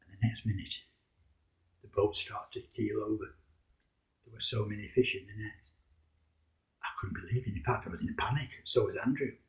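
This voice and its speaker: A man's voice: fairly low pitch, steady tone, moderate pace, long pauses. A man telling a story in the first person as a fisherman disciple, in a wry, conversational, self-mocking way.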